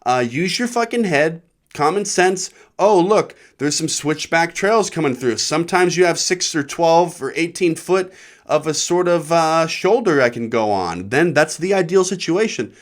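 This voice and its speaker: A man's voice: fairly high pitch, expressive, normal speed. A man from Nebraska, a comedian hosting his own show, telling a rambling, profane story. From Nebraska, USA. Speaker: comedian podcast host.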